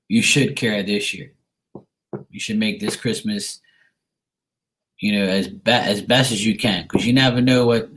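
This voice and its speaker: A man's voice: mid-range voice, fairly bright tone, low-quality recording. A man from Bermuda, a tarot reader chatting casually and rambling with lots of fillers. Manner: rambling, filler-heavy, laid-back. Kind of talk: casual livestream chat.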